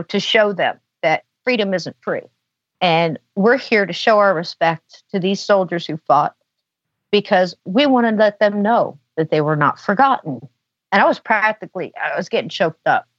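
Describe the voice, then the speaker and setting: This dull, dry lo-fi clip has a podcast guest, a woman with a medium-pitched voice, casually telling a lengthy story in a chatty manner, with plenty of "you know"s.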